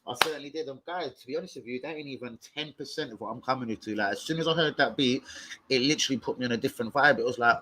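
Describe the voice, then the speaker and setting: A young man hosting a casual live stream, full of slang, swearing and excited banter. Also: mid-range voice, rapid-fire, noisy background. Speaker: livestream host.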